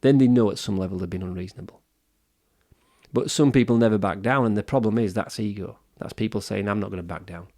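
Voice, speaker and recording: Guy in his 50s, gravelly voice, earnest opinionated podcast chat, keeps restarting. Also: lowish voice, a little fast, dark tone. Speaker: podcast co-host. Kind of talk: casual podcast discussion.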